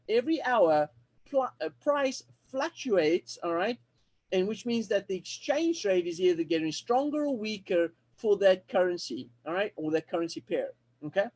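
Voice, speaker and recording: A man's voice: high voice, darkish tone. A man giving a screen-share trading tutorial. He explains step by step, checks in often with "all right?", and stops and restarts his phrases. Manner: halting with restarts and repeated words. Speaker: trading instructor.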